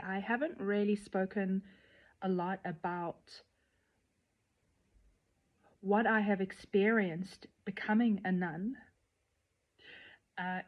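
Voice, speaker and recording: Candid woman vlogging, slightly dull sound. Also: mid-range voice. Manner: candid, playful, then earnest and emotional. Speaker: tantric nun sharing her journey. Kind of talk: personal vlog to camera.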